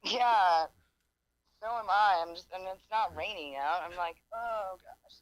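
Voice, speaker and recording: A woman from Southwest Missouri chatting casually on a comedy podcast, telling animated stories and swearing freely. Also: fairly low pitch, measured pace, a crowd in the background, poor audio.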